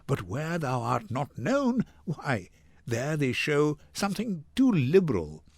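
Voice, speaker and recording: A man's voice: fairly high pitch, wildly swooping pitch, dry recording, heavily acted. A man reading a grave young nobleman. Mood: admonishing. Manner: grave, deliberate Shakespearean verse. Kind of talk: dramatic reading.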